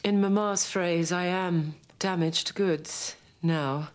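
A proud young aristocrat. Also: female voice, lowish voice, steady tone, takes it slowly. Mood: resigned. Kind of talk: period television drama.

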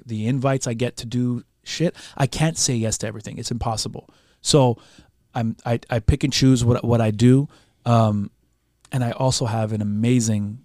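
A man's voice: mid-range voice, dark tone, no room sound, studio quality. A man in his forties from Canada, a guest musician talking frankly and emotionally in an interview, swearing often. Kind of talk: candid interview chat.

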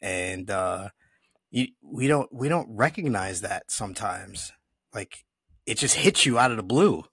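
A man with a somewhat low voice, talking in a casual, conversational way with frequent hesitations. He is recorded close to a dry microphone. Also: expressive, measured pace, a bit bright, husky, no echo. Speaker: podcast host. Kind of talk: casual interview chat.

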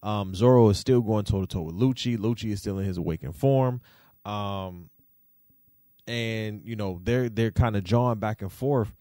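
A man hosting a podcast, giving casual, slangy commentary that swings into animated rants. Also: lowish voice, normal speed, no room sound, clean studio sound. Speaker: podcast host.

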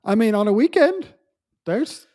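A man's voice: high voice, sing-song, unhurried, darkish tone. A man co-hosting a podcast in casual chat, making wry remarks and often restarting his sentences. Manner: wry and agreeable, many restarts. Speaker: podcast co-host.

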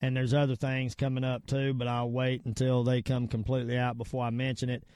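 This podcast host, a middle-aged Southern man from around Virginia or North Carolina, rambles through a casual rant and sign-off, stressing points and repeating himself. His mid-range voice is monotone, a little fast and slightly mellow, with a clear, resonant tone. The studio-quality recording has no room sound.

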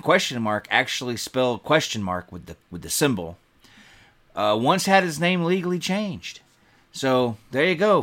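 A man's voice: mid-range voice, pushed and bright. A man hosting a radio music show, chatting casually and rambling easily between songs. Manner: easygoing, chatty, loosely rambling.

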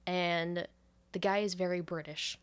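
A woman co-hosting a podcast, casually retelling a movie plot with loose, profane storytelling and quick laughs. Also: fairly low pitch, steady tone, smooth. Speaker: podcast co-host recapping a movie. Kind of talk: casual chat.

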